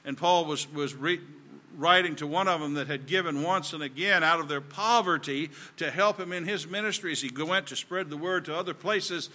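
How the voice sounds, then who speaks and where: A man's voice: on the high side, brisk, few pauses, pushed and bright. A man with a Southern US accent preaching a sermon in an earnest, folksy way that builds in emphasis.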